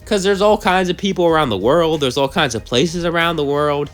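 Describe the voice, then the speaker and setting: A man's voice: a little high, a little fast, soft background music. A young man with a cold, narrating a fan story and chatting to viewers in a rambling, heartfelt way. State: sick with a cold, coughing. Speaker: channel host, storyteller.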